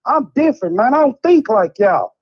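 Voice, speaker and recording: A man's voice: extremely high pitch, very animated, moderate pace, highs cut off. A man from Chicago calling in to a talk show, ranting in a rambling, frustrated way. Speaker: caller. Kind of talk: heated call-in rant.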